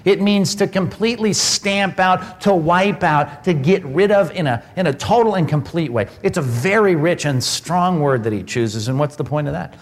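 A man's voice: on the high side, normal speed, hardly any pauses. Emphatic male pastor in a reverberant hall. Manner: emphatic, swings between loud and hushed. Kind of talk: sermon. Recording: broadcast sermon with long hall reverb.

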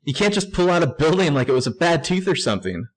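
A man's voice: fairly high pitch, big pitch swings, quick pace, pitched above the performer's own voice. A man voicing a distraught young woman in a raised, melodramatic reading. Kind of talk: podcast scene reenactment.

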